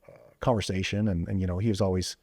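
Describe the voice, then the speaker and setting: Fast-talking low-voiced man telling stories. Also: husky, no room sound, studio quality. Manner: animated, quick storytelling with many fillers and restarts. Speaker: podcast guest, former police officer. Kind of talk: casual storytelling interview. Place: podcast studio.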